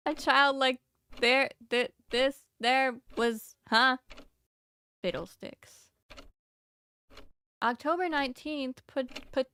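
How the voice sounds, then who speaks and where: Bright-voiced giggly young woman gaming. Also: sits high, slow, pauses often, clear, resonant tone. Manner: giggly, flustered, talks to the game. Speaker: streamer playing a horror game. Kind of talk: casual let's-play commentary.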